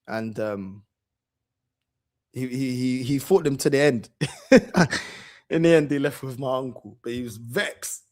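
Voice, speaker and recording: A man's voice: mid-range voice, takes it slowly, long pauses, darkish tone. A man hosting a football channel, telling a story in a casual, slangy way and repeating phrases for emphasis.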